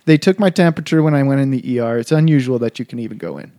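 A man's voice: medium pitch, very fast, warm tone, dry recording. A man, a Catholic priest, telling stories in an earnest, reflective casual conversation.

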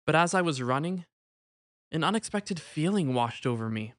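A man voicing a young male novice who ran away, speaking in a halting, contrite way. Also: fairly high pitch, expressive, fairly bright tone, no room sound, studio quality. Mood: pleading. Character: young male runaway novice, ashamed and remorseful.

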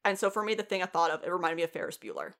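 Lively, swearing woman recapping a show. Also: on the low side, rapid-fire. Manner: animated, profane, laughs often. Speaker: podcast co-host. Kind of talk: casual chat recapping a TV show.

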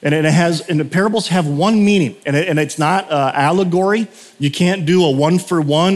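A man in his thirties preaches in a relaxed, talky way, his voice sitting a touch high. He rambles through anecdotes with plenty of ums and easy laughter. The sound rings with a long reverb, as in a large church hall. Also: brisk. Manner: chatty, storytelling, laughs often, lots of fillers. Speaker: pastor. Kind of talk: casual conversational sermon. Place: church sanctuary.

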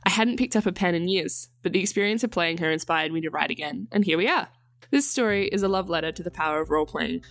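A woman, the author, reading her own story aloud in calm, measured narration. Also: lowish voice, no echo. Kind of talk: scripted narration.

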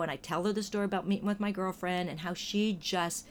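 A woman in casual conversation, telling stories in a lively way and acting out what people said. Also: lowish voice, fast talker, slight background noise. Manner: lively storytelling, acts out quoted voices. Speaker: podcast guest or co-host. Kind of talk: casual chat.

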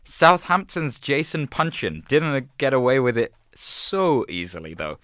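A man's voice: mid-range voice, big pitch swings, a little slow, a bit bright, dry recording. A man co-hosting a podcast, telling stories in a laid-back, chuckling way on a close mic. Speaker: podcast co-host. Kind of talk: casual chat, reading out stories.

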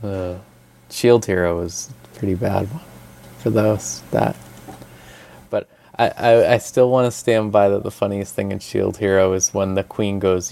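A man co-hosting a casual podcast chat, telling stories in a rambling, animated way with lots of fillers and swearing. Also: sits low, normal speed, gravelly. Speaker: podcast co-host.

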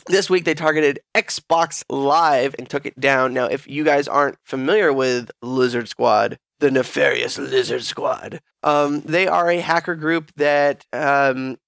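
A man's voice: mid-range voice, unhurried, vocal fry, hardly any pauses, no room sound, clean studio sound. A man hosting a casual gaming podcast, telling crude, joking stories with lots of energy. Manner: crude, joking, animated storytelling. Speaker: podcast host.

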